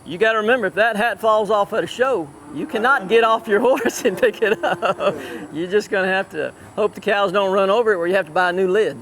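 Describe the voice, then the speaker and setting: A man's voice: sits high, a little fast, fairly bright tone, slight background noise. A man working as a cutting horse trainer, coaching a rider live in an outdoor arena and calling out short, repeated commands.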